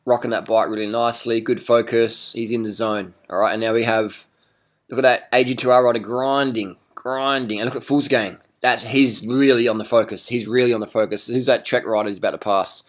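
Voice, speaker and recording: A man's voice: medium pitch, steady tone, fairly quick. Blunt, swearing man commentating. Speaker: cycling commentator. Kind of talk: casual video commentary over race footage.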